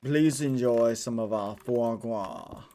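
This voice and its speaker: A man voicing a snobby rich male restaurant critic with a drawn-out, posh, snooty accent. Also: mid-range voice, warm tone, slight background noise, lightly acted.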